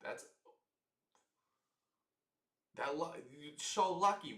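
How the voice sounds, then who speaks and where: A young man giving casual live football commentary on a stream, frustrated and swearing, with sudden loud outbursts. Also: mid-range voice, normal speed, reverberant, far from the mic. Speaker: livestream commentator.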